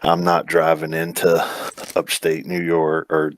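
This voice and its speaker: A man's voice: a bass voice, monotone, measured pace, no echo. A man from South Carolina chatting casually and in a rambling, self-deprecating way as a player on a game stream. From South Carolina, USA. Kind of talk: casual chat.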